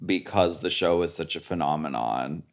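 A man co-hosting a podcast, chatting casually and thinking out loud. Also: very deep voice, normal speed, vocal fry. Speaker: podcast co-host. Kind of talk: casual chat.

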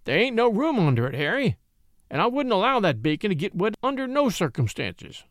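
A man's voice: sits high, big pitch swings, brisk, no echo, studio quality, pitched above the performer's own voice. A man voicing a wary, flustered farmer in a storybook reading. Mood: stubborn. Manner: drawling country speech, hesitant. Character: wary, flustered old farmer, plain spoken.

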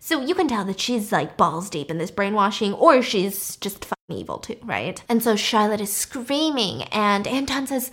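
A woman casually retelling a film's plot, animated and swearing freely as she acts out the characters' lines. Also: mid-range voice, normal speed, hardly any pauses. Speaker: podcast host recapping a film. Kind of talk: casual storytelling recap.

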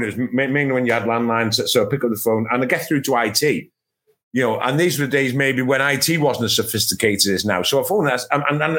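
A middle-aged man from England, a football journalist on a podcast, telling a long anecdote with animated asides and exasperated re-enactments. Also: medium pitch. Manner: animated storytelling, acts out his own exasperation.

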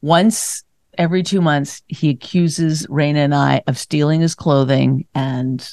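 Gravelly, sarcastic woman podcaster. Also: deep voice, fairly even intonation, a little slow, a little mellow, no room sound. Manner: dry, sarcastic teasing. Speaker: podcast co-host. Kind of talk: casual comedic banter.

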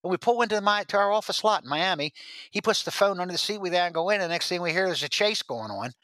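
A man as the podcast guest, telling rambling stories with halting restarts. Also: sits high, animated, bright, forceful tone, no echo. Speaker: guest, former drug agent. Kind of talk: storytelling interview.

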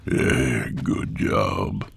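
A man putting on a gravelly old hillbilly villain. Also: rumbling low, slight background noise, voice pushed down, full character voice. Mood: menacing. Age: older. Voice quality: growling, gravelly. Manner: slow, drawling menace with evil laughs. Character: menacing old male hillbilly villain, cold and sneering.

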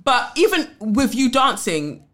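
A woman, hosting a podcast in casual chat, blunt and animated, swearing freely. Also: on the high side, measured pace. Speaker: podcast host.

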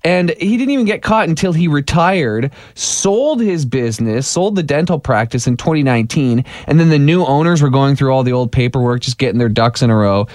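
A man's voice: mid-range voice, expressive, a little mellow, dry recording. Joking male radio co-host, dry sound. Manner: jokey, drawn-out storytelling. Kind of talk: casual radio banter.

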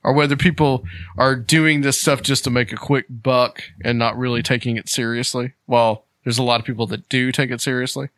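A man's voice: medium pitch, fairly even intonation, fairly quick, fairly bright tone, no echo. A man hosting a casual podcast interview, easygoing and a little hesitant. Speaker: podcast host.

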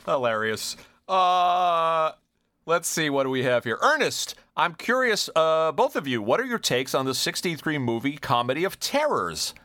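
A male podcast host with a slightly high, animated voice works through listener questions in casual chat. He reads briskly and chuckles between items, and the sound is dry and close. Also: no echo.

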